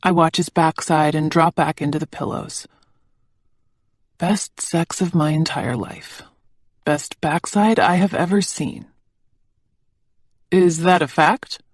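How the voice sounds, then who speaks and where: A woman reading a first-person audiobook aloud in a hushed, intimate narrating voice. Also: sits low, measured pace, husky, no echo, clean studio sound.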